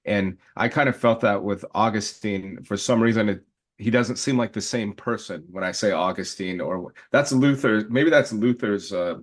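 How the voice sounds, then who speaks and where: A man with a fairly low voice talks through his ideas in an easygoing panel chat. He circles back and restarts his sentences, laughing now and then. The delivery is loose and conversational, like a teacher chatting with colleagues. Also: moderate pace. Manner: thinks aloud with frequent restarts and laughs. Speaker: teacher and podcast co-host.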